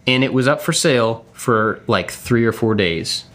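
A middle-aged man co-hosting a podcast, telling stories in a relaxed, chatty way with many fillers and laughs. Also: medium pitch, moderate pace. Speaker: podcast co-host. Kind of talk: casual chat.

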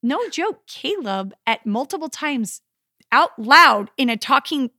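High-voiced woman telling lively stories. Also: unhurried, no echo, studio quality. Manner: animated storytelling, acting out scenes. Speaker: podcast co-host. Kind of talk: casual chat.

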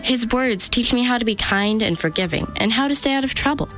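A woman's voice: a little high, expressive, brisk, fairly bright tone, soft background music, rough recording. A woman reading a scripted personal reflection. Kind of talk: scripted testimony.

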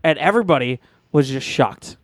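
A man's voice: a little high, animated, normal speed, dry recording, clean studio sound. A man on a podcast telling a rambling, crude story, laughing often. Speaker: podcast co-host. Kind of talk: casual chat.

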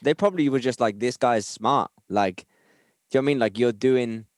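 A man's voice: medium pitch, fairly quick, no room sound, clean studio sound. A man hosting a podcast, chiming in casually with short encouraging remarks. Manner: brief encouraging interjections. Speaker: podcast host. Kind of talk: casual interview chat.

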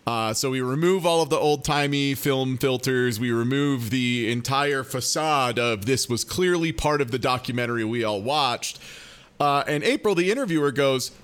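A man's voice: medium pitch, moderate pace, fairly bright tone, clear, resonant tone. A man co-hosting a podcast, recapping an episode in casual chat with laughs and mock outrage. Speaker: podcast co-host.

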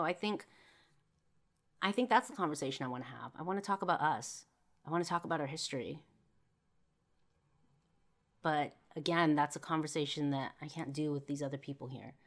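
A woman's voice: deep voice, a little fast, pauses often. A young woman hosting a podcast, telling an emotional personal story in a casual way, with frequent fillers and swearing. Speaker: podcast host.

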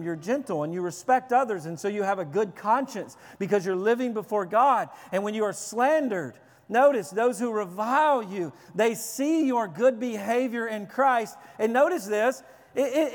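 A man's voice: high voice, in a large hall. A male pastor with children, preaching a sermon with urgent emphasis and repeated phrases. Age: adult with children.

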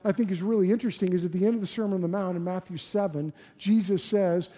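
A man's voice: high-pitched, steady tone, quick pace, few pauses, mellow. A man preaching a sermon as a pastor, earnest and full of rhetorical questions and restarts. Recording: long hall reverb.

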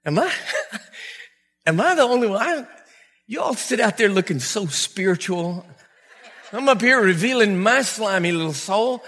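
A man's voice: sits high, lively intonation, a little slow, pauses often, a bit bright, in a large hall. A middle-aged man preaching a sermon to a congregation, telling stories animatedly with acted-out quotes and laughter. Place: church hall before a congregation.

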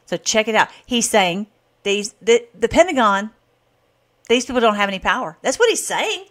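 A woman hosts an online commentary show, talking casually between played clips. She gets excited easily, laughs often, and her voice climbs sharply when she is worked up. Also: mid-range voice, moderate pace.

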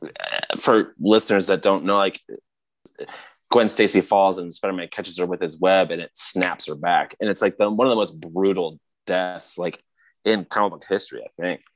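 A man in casual chat, retelling scenes excitedly with frequent laughter. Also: low-pitched, moderate pace.

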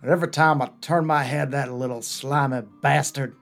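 A man playing his tabletop character, gruff and grumbling in old-fashioned speech, with faint guitar music behind. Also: mid-range voice, fairly even intonation, moderate pace. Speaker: player voicing a grumpy adventurer. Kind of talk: in-character tabletop role-play.

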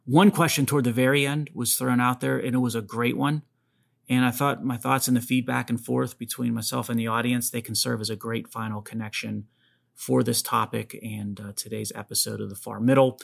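Gravelly man hosting a podcast. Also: mid-range voice, flat delivery, fairly quick. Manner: emphatic, addresses listeners directly. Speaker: podcast host. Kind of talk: solo podcast commentary.

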